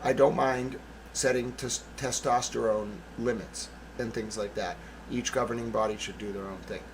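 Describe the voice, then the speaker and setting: A man's voice: medium pitch, steady tone, normal speed, slight background noise, poor audio. A man hosting his own channel, delivering a blunt, profane, sarcastic political monologue. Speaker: channel host.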